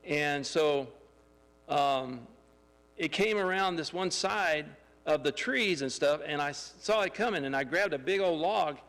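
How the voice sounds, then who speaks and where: A man telling a lively testimony story in a church, excitable and laughing as he acts out the scenes. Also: fairly high pitch, measured pace, long reverb tail. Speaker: church member giving a testimony. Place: church sanctuary.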